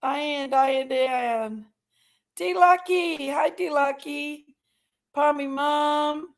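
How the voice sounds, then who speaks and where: A woman hosts a casual livestream, warmly greeting viewers one at a time by name and at moments sounding tearful. Her voice is high-pitched and she draws out her words.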